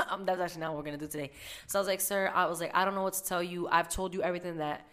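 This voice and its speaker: A woman casually telling a work story on a podcast, animated and profane, acting out the people in it. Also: on the low side, racing. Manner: animated, profane, acts out other people in her stories. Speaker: podcast co-host.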